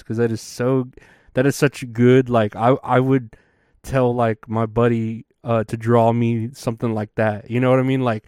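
A male podcast host rambles through a casual monologue, swearing freely and leaning on fillers. His voice is smooth and clear. The sound is dry and close. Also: mid-range voice, level tone, moderate pace, a little mellow, no echo. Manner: profane, rambling, with many fillers.

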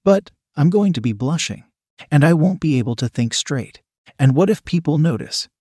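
A man's voice: on the high side, animated, moderate pace, warm tone, breathy edge, dry recording, studio quality. A man voicing an eager, submissive young woman who pleads and stammers breathlessly. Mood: flustered.

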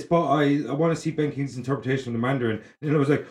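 A man's voice: medium pitch, very fast, few pauses, a little mellow. A man co-hosting a casual film podcast, emphatic and profane, full of likes and you-knows. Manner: profane, emphatic, lots of fillers. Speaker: podcast co-host. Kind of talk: casual film review chat. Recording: roomy sound with faint music.

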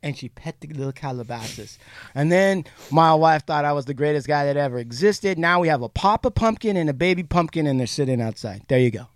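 A man co-hosting a podcast, telling a profane, animated story in casual chat. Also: fairly high pitch, brisk, hardly any pauses, no echo, studio quality. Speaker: podcast co-host.

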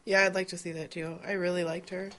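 A woman co-hosting a podcast, telling a story in casual chat, animated and laughing often. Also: fairly low pitch, fast, background noise. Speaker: podcast co-host.

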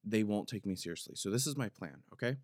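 This lowish-voiced host is animated and talks fast, captured in clean studio sound without echo. His podcast segment is a long, meandering comedic story told casually, stuffed with "like."

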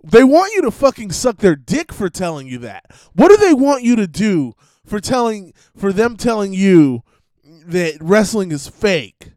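A man's voice: high-pitched, very animated, unhurried, darkish tone, no room sound, studio quality. A man hosting his own podcast, rambling through a profane, self-interrupting rant and mimicking other people's voices. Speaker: podcast host. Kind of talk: casual ranting monologue.

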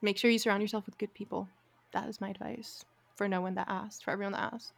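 A woman co-hosting a podcast in a relaxed, joking way, often correcting herself mid-sentence in casual chat. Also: mid-range voice, fast talker, creaky. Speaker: podcast co-host and grad student.

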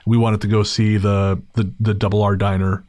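A man's voice: fairly low pitch, level tone, moderate pace, darkish tone, no room sound, clean studio sound. A man hosting a podcast, telling a story in a casual, wry and digressive way, with frequent restarts. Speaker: podcast host.

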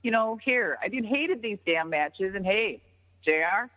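A middle-aged woman, once a wrestler, tells stories in a casual interview at a measured pace in a mid-range voice. She's animated, swears freely and acts out what others said, over a tinny phone-like line with long reverb.

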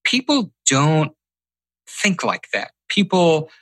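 A man's voice: on the high side, wildly swooping pitch, slow pace, fairly bright tone, no room sound, poor audio. A man hosting a podcast interview, enthusiastic, with stumbles and restarts. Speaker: podcast host. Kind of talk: casual interview talk.

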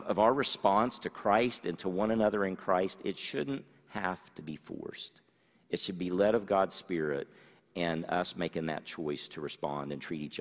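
A man's voice: deep voice, in a large hall. A man preaching a sermon, reading scripture aloud and then explaining it to his congregation. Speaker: pastor.

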